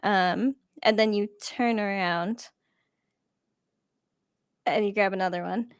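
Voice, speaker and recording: A woman's voice: mid-range voice, steady tone, slow, clean tone, no room sound, clean studio sound. Casual rambling woman game master. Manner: casual, rambling, many fillers. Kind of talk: narrating a tabletop game.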